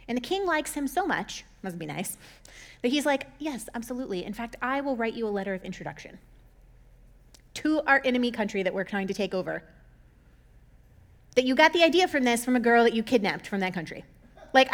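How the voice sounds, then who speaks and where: Woman, fairly high voice, casual storytelling, jokey asides, acts out characters. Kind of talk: casual Bible story retelling.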